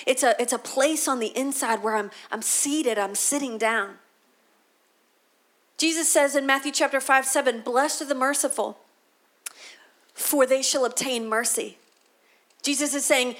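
A woman's voice: high voice, fairly bright tone. A woman pastor giving a conversational sermon, often restarting her sentences. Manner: conversational preaching with repeated restarts.

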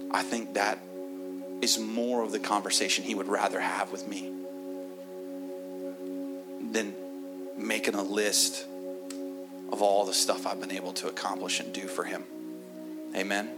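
A man preaching a sermon as a guest speaker in a church, telling a story with animated energy and dropping into soft, earnest asides. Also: on the low side, measured pace, pauses often, over loud music.

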